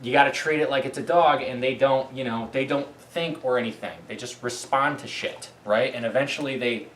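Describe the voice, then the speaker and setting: A man's voice: normal speed, a bit bright, a little hiss or hum. A man ranting bluntly about dog training, swearing often, tagging "right?" onto his points, and breaking off to give his dog commands. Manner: blunt, profane, keeps asking "right?"; calls commands to his dog and praises it in a high voice. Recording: echoey, mic at a distance.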